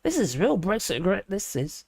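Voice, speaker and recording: A woman's voice: medium pitch, sing-song, moderate pace, gravelly, darkish tone, no echo, clean studio sound. A woman hosting a livestream, reading a news article aloud and breaking off for sarcastic, mocking remarks, with many fillers and hesitations. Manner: sarcastic, mocking asides between read passages. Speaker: livestream host.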